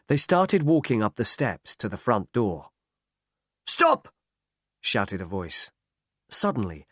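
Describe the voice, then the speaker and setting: A man narrating a story aloud in a slow, clear, expressive reading. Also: mid-range voice, no room sound, clean studio sound.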